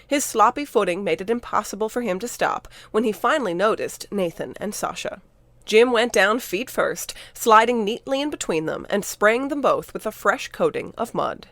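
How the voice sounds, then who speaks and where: A woman narrating her own audiobook in a steady, even storytelling manner. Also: medium pitch, moderate pace, dry recording. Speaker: narrator and author.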